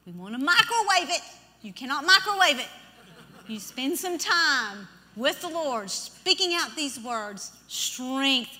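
High bright woman preaching a sermon. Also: very animated, unhurried. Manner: emphatic, leads the congregation in repeating scripture. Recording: long hall reverb.

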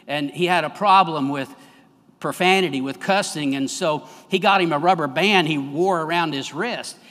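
A middle-aged man preaching a sermon as pastor, emphatic with big swings between soft and loud. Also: a little high. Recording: long church hall reverb.

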